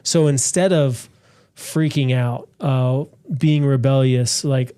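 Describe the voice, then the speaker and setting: Mellow-voiced man explaining scripture. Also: medium pitch, fairly even intonation, measured pace, smooth. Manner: earnest, quotes scripture, builds points steadily. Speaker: co-host of a church talk show. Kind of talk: casual faith discussion.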